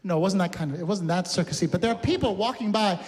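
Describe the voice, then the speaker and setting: Fast-talking and high-voiced with a darkish tone, a male cabaret host fills the gaps between songs with campy, chatty tales and frequent laughs. It's live cabaret patter, recorded in a studio.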